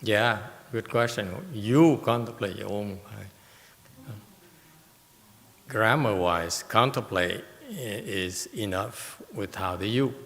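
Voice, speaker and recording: Slow, gravelly male Buddhist teacher lecturing in a reverberant hall; deliberate, emphatic delivery. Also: on the low side, a bit bright. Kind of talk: Dharma lecture with questions. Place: meditation hall.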